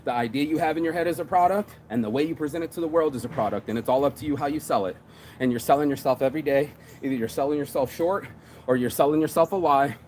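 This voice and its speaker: On the high side but darkish in tone, this man talks fast over a little hiss or hum. An entrepreneur and shirt designer, he hypes himself up in an offhand motivational monologue about business, leaning on street slang, frequent profanity and lots of "bro."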